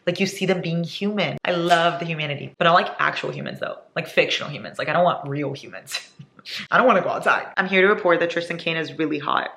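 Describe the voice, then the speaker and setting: A woman's voice: deep voice, fast, gravelly, a bit bright. A young woman in her twenties, chatting casually and dramatically in a reading vlog from home. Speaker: book vlogger. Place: indoors at home.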